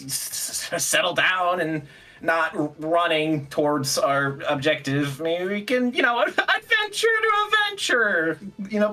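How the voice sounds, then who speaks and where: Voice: medium pitch, pushed and bright. A player at a tabletop game, giggling often while playing a starstruck young fan. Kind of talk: tabletop role-play, in and out of character.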